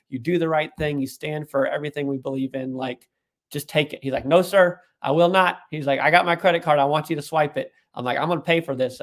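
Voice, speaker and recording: A man as an interview guest, telling an animated story and putting on voices for the people he quotes. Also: a little high. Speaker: guest, tech executive.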